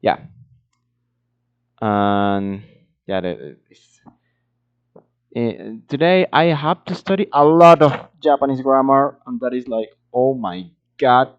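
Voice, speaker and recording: Slow, halting man. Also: mid-range voice, lively intonation, clear, resonant tone. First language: Spanish. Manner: halting, searching for words, many fillers. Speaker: language learner vlogger. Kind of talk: casual solo monologue. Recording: dull lo-fi home recording.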